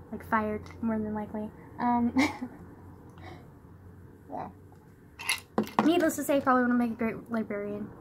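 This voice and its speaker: A woman's voice: on the high side, fairly bright tone, a little hiss or hum. A young woman vlogging from her bedroom into a phone camera, chatting in a loose, rambling way, filling nearly every phrase with "like" and laughing often. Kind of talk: casual rambling chat to camera.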